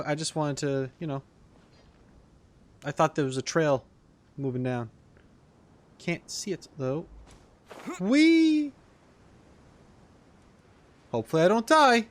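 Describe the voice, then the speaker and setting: A man streaming a game in casual let's-play commentary, excitable and rambling, talking to his viewers. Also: a little high, slow, long pauses. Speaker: gaming streamer. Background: faint game music.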